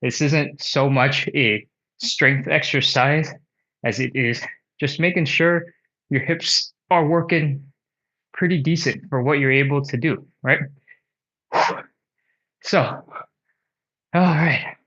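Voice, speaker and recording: A man's voice: medium pitch, steady tone, unhurried, pushed and bright, muffled recording. A man leading a live home stretching class, chatty and rambling, counting reps aloud and short of breath. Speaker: stretching instructor. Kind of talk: live-streamed workout instruction.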